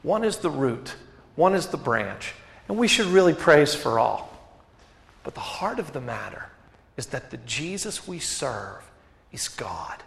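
Animated preacher with gravelly voice. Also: male voice, mid-range voice, measured pace. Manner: animated preaching, rhetorical questions, voice dropping to quiet emphasis. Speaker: pastor. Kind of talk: sermon. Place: church sanctuary. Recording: echoey hall reverb.

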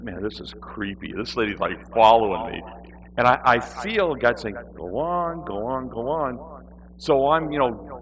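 Brief: male preacher, bright voice, storytelling sermon, mimics his own whining. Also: medium pitch, rough recording.

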